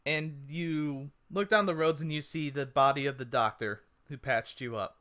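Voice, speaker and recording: A man's voice: a little high, normal speed. A man narrating as game master of a tabletop role-playing game, laughing often between lines. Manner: animated, laughs often, puts on brief voices.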